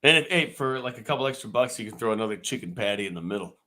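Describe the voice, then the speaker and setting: A man's voice: on the low side, animated, bright, forceful tone. A man co-hosting a morning radio show, joking in a playful, teasing way. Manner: playful, teasing, quick jokes. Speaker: radio co-host. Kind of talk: casual morning radio banter. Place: radio studio.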